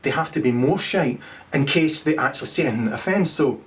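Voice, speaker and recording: A man's voice: on the high side, lively intonation, quick pace. A middle-aged man, doing a rambling, crude stand-up monologue, full of swearing and stumbling restarts, laughing at his own jokes. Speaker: comedian.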